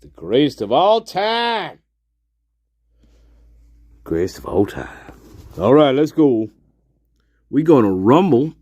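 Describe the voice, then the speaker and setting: Male livestream host, slow and profane, lively pitch, dry close sound. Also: no echo. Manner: profane, rambling, laughs often. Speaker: host of a one-man show. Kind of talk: casual livestream chat.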